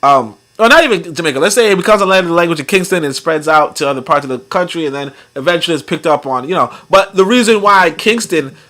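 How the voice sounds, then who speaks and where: Bright-voiced man in rambling commentary. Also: a little high, lively intonation, quick pace, hardly any pauses. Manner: rambling, joking, laughs often, acts out voices. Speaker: podcast host. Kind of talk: casual commentary reading viewer comments.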